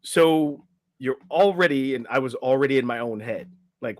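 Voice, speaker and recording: A man's voice: medium pitch, normal speed, dry recording. A middle-aged man, a podcast guest and life coach, telling a story casually and acting out the quotes, often tagging lines with "right?".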